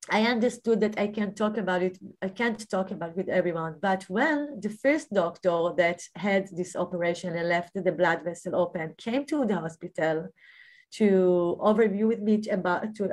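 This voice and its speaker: Speaking at medium pitch with a darkish tone, a woman describes her near-death experience. Her delivery is hesitant and filler-heavy as she searches for words, with emphasis rising on key phrases.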